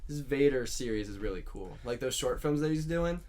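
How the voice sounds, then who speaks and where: A man's voice: mid-range voice, lively intonation, darkish tone, a little hiss or hum. A young man co-hosting a podcast in casual chat, upbeat and chatty. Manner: upbeat, chatty, quick to laugh along. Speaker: podcast co-host.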